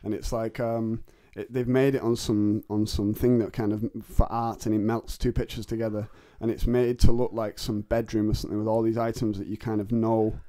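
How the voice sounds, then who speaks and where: A man's voice: lowish voice, level tone, normal speed, hardly any pauses, warm tone, no room sound, studio quality. A man hosting a podcast from his bedroom, chatting in a rambling, jokey and crude way and laughing often. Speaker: podcast host. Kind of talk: casual chat. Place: bedroom at home.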